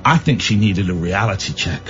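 A man's voice: low-pitched, expressive, brisk, dull audio, faint music behind. A man hosting a late-night talk radio show, bantering and reading listener comments aloud with mock outrage. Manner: mocking, reads listener posts aloud. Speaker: radio host.

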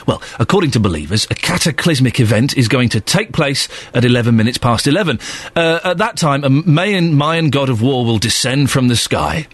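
A man's voice: medium pitch, expressive, fairly quick, husky, dry recording. A man presenting breakfast radio in a studio, joking, teasing and laughing often. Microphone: studio microphone with headphones.

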